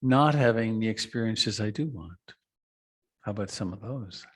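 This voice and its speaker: A middle-aged man giving a reflective meditation talk, slow and soft, with long pauses and trailing lines. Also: lowish voice, lively intonation, husky. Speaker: meditation teacher. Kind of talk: dharma talk.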